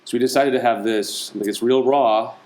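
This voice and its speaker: A man's voice: medium pitch, steady tone, darkish tone, poor audio. Teasing, supportive man podcast host. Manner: teasing, supportive, quick to laugh. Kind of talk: casual chat.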